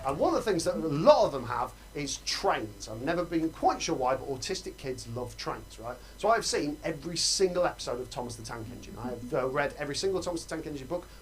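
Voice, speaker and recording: A man's voice: a little high, very animated, quick pace, few pauses, slight background noise. A man doing a stand-up set in a comedy club, talking conversationally and checking in with the audience. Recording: live club with laughing audience.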